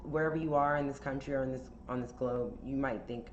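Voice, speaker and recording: A woman with a low voice spins a casual storytime for a podcast. She talks in a chatty, candid way, full of fillers and swearing. The sound is roomy and a bit dull, with faint hiss behind her. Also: fairly even intonation, fast talker. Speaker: podcast host telling a story.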